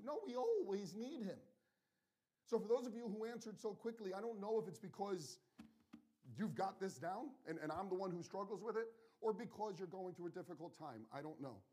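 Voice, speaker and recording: A man delivers a sermon in an earnest, personal tone. His voice sits a little high, and he speaks to the congregation as if in conversation. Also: expressive, moderate pace, warm tone, husky. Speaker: preacher.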